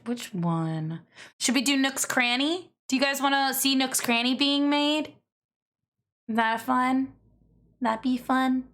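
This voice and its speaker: A woman streamer chatting casually as she reacts to videos, excitable and gushing, swearing freely. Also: mid-range voice. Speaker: VTuber streamer.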